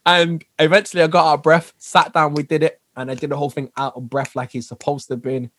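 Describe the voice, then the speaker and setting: A man guest on a podcast, telling lively stories, acting out what people said and laughing often. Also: on the high side, fast. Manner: animated storyteller who acts out quotes and laughs often. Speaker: guest, dancer, singer and actor. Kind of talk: casual interview chat.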